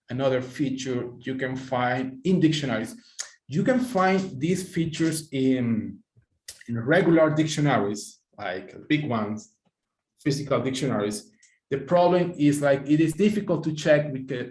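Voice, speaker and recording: A man's voice: mid-range voice, a little mellow. A man teaching an online pronunciation class, encouraging students and praising them by name, with slightly non-native phrasing. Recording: echoey room.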